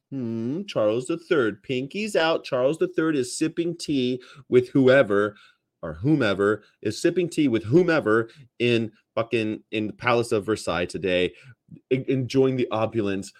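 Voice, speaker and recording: A man's voice: medium pitch, measured pace. A man hosting a casual chat show, rambling and swearing freely. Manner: rambling, profane, animated. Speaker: podcast host.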